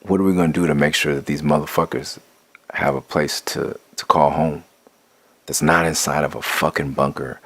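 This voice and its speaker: A man's voice: rumbling low, fairly even intonation, normal speed, fairly bright tone, no room sound. A middle-aged man giving a blunt, profane, impassioned spoken monologue, restarting and building in intensity. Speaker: rapper sharing his views.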